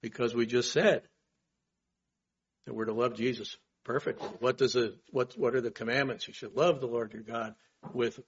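A man's voice: mid-range voice, fairly even intonation, normal speed, slightly rough, dull audio. A male pastor preaching a sermon in an earnest way, asking rhetorical questions and swelling on his key points.

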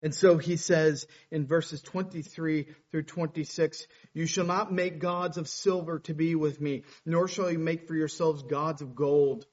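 High-pitched male preacher, lo-fi. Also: steady tone, unhurried, hardly any pauses, darkish tone. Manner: preaching with rising intensity on scripture quotes. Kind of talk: sermon.

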